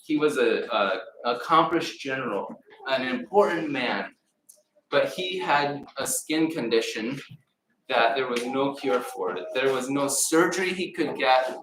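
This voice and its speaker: A man preaching a sermon in a church, retelling a story with lively acted-out voices. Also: medium pitch, unhurried, background noise. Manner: animated storyteller acting out voices. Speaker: pastor. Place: church sanctuary. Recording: echoey room, mic at a distance.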